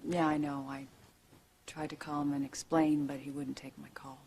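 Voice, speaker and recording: Remorseful middle-aged mother, low and gentle, begging softly. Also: little pitch movement, normal speed, slight background noise. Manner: gentle, pleading. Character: remorseful mother pleading with her daughter. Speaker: mother and grandmother in a soap opera. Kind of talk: daytime soap opera acting.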